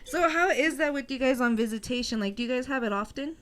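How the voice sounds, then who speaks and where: Woman podcast host, smooth clear voice, slightly high, teasing, laughing, cursing. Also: fast. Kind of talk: casual chat.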